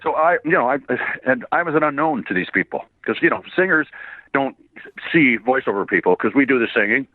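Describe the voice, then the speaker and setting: A slightly hoarse man, born in Ireland and raised in Canada, telling stories as an interview guest, laughing often and swearing casually. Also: medium pitch, animated, fairly quick, dry recording. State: a bit hoarse. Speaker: voice actor and singer guest. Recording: dry tinny phone-like line.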